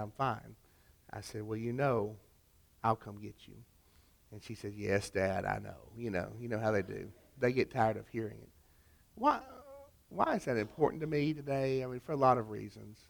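A middle-aged pastor preaching a sermon, pressing his listeners with rhetorical questions and dropping into quiet storytelling. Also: mid-range voice.

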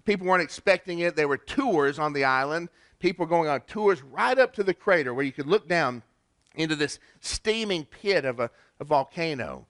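A man preaching a Christmas sermon, earnest, with pauses and restarts. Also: fairly high pitch, expressive, fairly bright tone, no room sound. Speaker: pastor.

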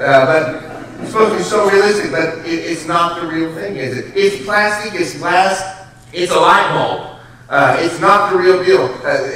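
A pastor with a mid-range, slightly bright male voice delivers a conversational sermon in a church sanctuary, often putting questions to the congregation. The audio is echoey, picked up by a distant mic in the hall.

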